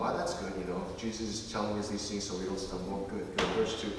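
A man preaches in a big hall, his voice ringing with long reverb and heard from a distance. He reads scripture slowly, then talks it over with his listeners in a conversational way. A faint hiss sits under the recording. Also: fairly low pitch, steady tone. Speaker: pastor. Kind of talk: sermon.

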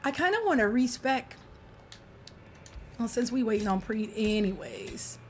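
A woman's voice: on the high side, expressive, a little slow, a little hiss or hum. A woman streaming a game, bantering playfully with a teammate and greeting viewers in casual chat. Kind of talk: casual livestream gaming chat.

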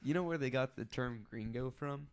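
At a normal speed and in a mid-range voice, a male co-host on a casual podcast shares rambling detention officer stories. He performs the voices of anyone he quotes.

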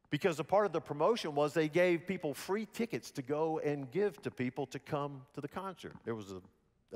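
Southern pastor preaching in a reverberant hall. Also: male voice, fairly high pitch. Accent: Southern American. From Alabama. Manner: folksy storytelling, animated quoted voices. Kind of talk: sermon. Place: church sanctuary.

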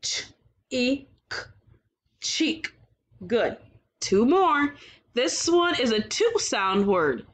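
A woman teaching a phonics lesson to young children, sounding out words slowly and praising often. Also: fairly high pitch, very animated.

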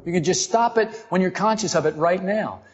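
A man leads an informal esoteric talk, animated and playful, often turning questions on his listeners. His voice sits fairly high. The recording is dull and lo-fi, with a long reverb from the room. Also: fairly quick. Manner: animated, joking, asks the audience questions. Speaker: esoteric teacher. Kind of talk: informal spiritual talk to a group.

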